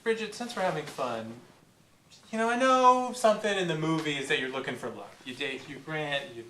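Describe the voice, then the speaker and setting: A man's voice: fairly high pitch, animated, a little fast, sharp tone, echoey room, distant mic, slight background noise. A man hosting a comedic talk show, jokey and showman-like in a loose, earnest way. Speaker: host.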